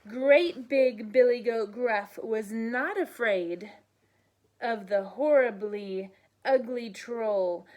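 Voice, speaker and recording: A woman teacher reading a bedtime story aloud to children, gentle and unhurried, sounding out the story's noises. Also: fairly high pitch.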